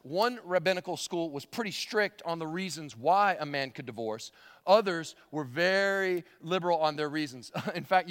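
A man's voice: fairly high pitch, fairly bright tone. Man preaching in an echoey hall. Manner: conversational, repeats words, chuckles often. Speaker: pastor. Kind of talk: sermon.

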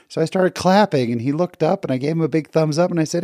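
A man's voice: sits high, lively intonation, fairly quick, hardly any pauses, mellow, no echo, studio quality. A middle-aged man telling a personal story in an earnest, reflective, conversational way.

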